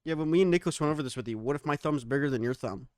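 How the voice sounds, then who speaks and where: A man's voice: fairly high pitch, very fast, a little mellow, dry recording, clean studio sound. A man hosting a podcast in casual chat, brash and profane, laughing often as he narrates a comic script.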